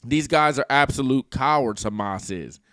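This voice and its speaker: A man giving casual vlog commentary, animated and laughing often as he reacts to a clip. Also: mid-range voice, normal speed, very noisy. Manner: animated, laughs often, talks back at clips.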